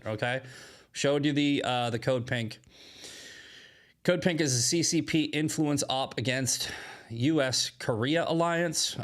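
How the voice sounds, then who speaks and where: A man hosting solo political commentary, emphatic and often asking "right?" as he restarts his phrases. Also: mid-range voice.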